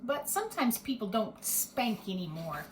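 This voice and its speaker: A woman reading a picture book aloud to children, pausing gently to explain and ask questions. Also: on the high side, sing-song, reverberant, noisy background. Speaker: storyteller.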